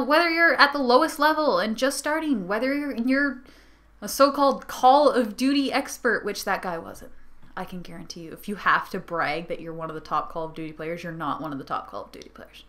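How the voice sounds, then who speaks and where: A woman's voice: medium pitch, a bit bright. A young woman ranting casually to her camera, rambling and giggly with sarcastic asides, tired from a sleepless night. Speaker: vlogger. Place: her bedroom.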